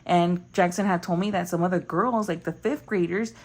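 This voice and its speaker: A woman's voice: fairly low pitch, normal speed, darkish tone. A young woman telling a story in casual, rambling chat, full of fillers. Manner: chatty, rambling, lots of fillers. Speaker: budgeting vlogger.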